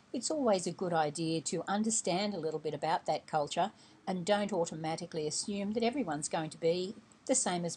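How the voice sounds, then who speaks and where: Woman, lowish mellow voice, instructional travel tips voice-over, patient, faint noise behind. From Australia. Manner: patient, explaining step by step. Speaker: travel website host.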